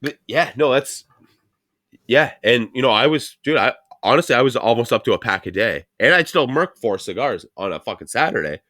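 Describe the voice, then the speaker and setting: A man's voice: medium pitch, expressive, a little fast, pushed and bright, no echo, clean studio sound. A man hosting a podcast, ranting bluntly in casual chat with lots of swearing. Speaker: podcast host.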